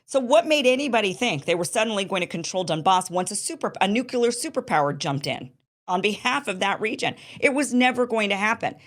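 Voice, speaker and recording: A woman's voice: mid-range voice, animated, a little fast. A woman hosting her show, delivering impassioned, emphatic political commentary in an indignant tone. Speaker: show host.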